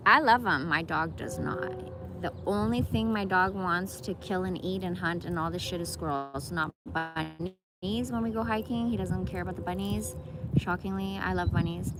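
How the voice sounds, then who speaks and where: Casting note: woman in her 40s, loose rambling vlogger, profane slang, noisy outdoor phone audio. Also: fairly low pitch. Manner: rambling, slangy, profane, says bro often. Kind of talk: casual vlog chat. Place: outdoors in a park.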